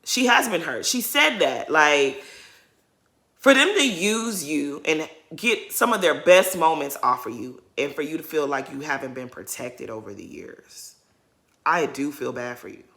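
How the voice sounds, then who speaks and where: A woman giving opinionated, animated commentary as she recaps a reality TV episode for her viewers. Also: low voice, unhurried. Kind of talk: casual commentary vlog.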